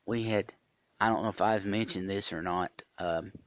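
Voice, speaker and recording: A man's voice: low-pitched, fairly even intonation, moderate pace, no echo. A man hosting a podcast, telling a rambling story with many fillers and restarts. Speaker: podcast host. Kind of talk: casual storytelling monologue.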